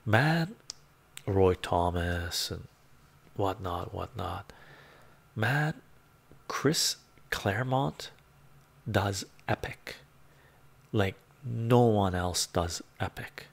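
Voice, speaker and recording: Laid-back man, low and gravelly. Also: lively intonation, very slow, long pauses. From Canada. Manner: soft-spoken, laid-back, chuckles often, drifts into whispers. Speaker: live-stream host reading chat. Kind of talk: casual live-stream chat.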